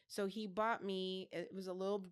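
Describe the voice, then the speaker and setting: A woman's voice: mid-range voice, little pitch movement, moderate pace, clean tone. Rambling storytelling woman in her fifties. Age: 50s. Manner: rambling anecdote with many restarts and fillers. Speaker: podcast co-host. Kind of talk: casual chat, storytelling.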